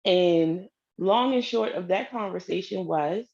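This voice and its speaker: A woman's voice: lowish voice, a little slow, vocal fry, lo-fi sound. A woman telling a personal story in a casual way, acting out the lines of the people in it. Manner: animated, acts out quoted dialogue.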